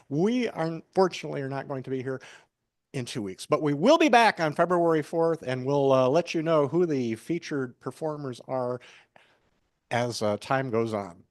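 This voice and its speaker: Halting man hosting an open mic. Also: a little high, dry recording, clean studio sound. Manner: halting, many fillers. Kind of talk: event announcements. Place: small cafe.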